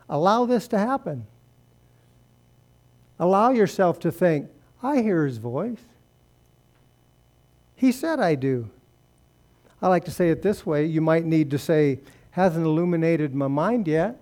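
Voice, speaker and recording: A man preaching a sermon in a church service, speaking earnestly and dropping soft when he prays. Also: fairly high pitch, lively intonation, measured pace, pauses often. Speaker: pastor. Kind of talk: sermon and closing prayer.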